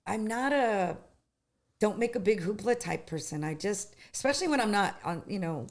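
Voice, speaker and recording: A woman's voice: medium pitch, moderate pace. Middle-aged singer lady chatting away, restarts a lot, acts out little stories. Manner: chatty, animated storytelling with many restarts. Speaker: interview guest, singer. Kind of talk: casual interview chat.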